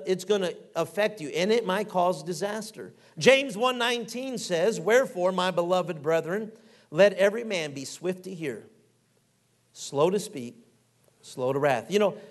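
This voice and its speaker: A middle-aged man preaching a folksy, animated sermon, acting out quotes and reading scripture aloud. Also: high voice.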